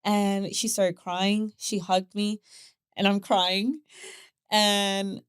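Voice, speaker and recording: A woman's voice: mid-range voice, drawn-out words, smooth, no echo, clean studio sound. Chatty woman telling a story. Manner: animated storyteller who acts out voices, repeats words and laughs often. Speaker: podcast guest. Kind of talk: casual interview chat.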